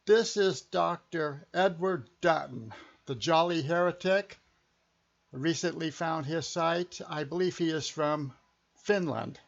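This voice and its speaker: A man's voice: on the high side, takes it slowly, creaky, muffled recording. A man hosting an unscripted live stream, talking in a casual, chatty way.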